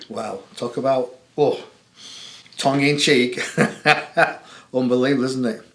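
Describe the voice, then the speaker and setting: A man's voice: mid-range voice, fairly even intonation, unhurried, long pauses. Jokey English man hosting in an echoey room. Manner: chatty, jokey, laughs often. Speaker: host of a spiritual call-in show. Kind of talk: casual monologue to viewers.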